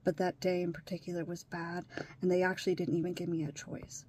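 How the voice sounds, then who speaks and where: A woman talking in a confessional vlog as a stepmother, emotional, swinging between hushed whispers and raised, strained outbursts. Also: lowish voice, flat delivery, a little fast, a little hiss or hum.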